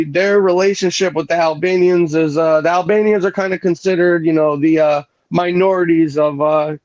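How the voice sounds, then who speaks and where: A man's voice: fairly high pitch, darkish tone, dry recording. A man talking casually on an online radio panel, rambling with lots of fillers and restarts. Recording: dull lo-fi sound.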